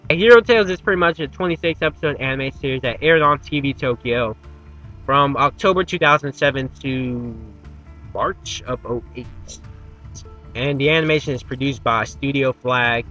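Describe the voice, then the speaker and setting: A man hosting a casual anime review video, talking in an energetic, rambling way. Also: mid-range voice, normal speed, dull audio, faint music behind.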